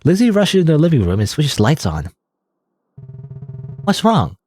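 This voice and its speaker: A man's voice: fairly high pitch, huge pitch swings, fast, darkish tone, slightly rough, soft background music. A man reading a story game aloud dramatically, with joking asides and laughs at his own slips. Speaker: let's play host.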